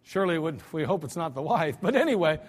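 An American male pastor preaching a storytelling sermon, swinging between soft asides and loud cries. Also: a little high, big pitch swings, quick pace. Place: church sanctuary. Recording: church hall reverb.

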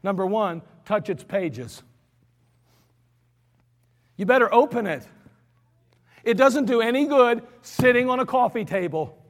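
A man preaching an emphatic sermon, slowing down and repeating lines for stress. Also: sits high, big pitch swings, long reverb tail. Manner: emphatic, repetitive, slows for stress.

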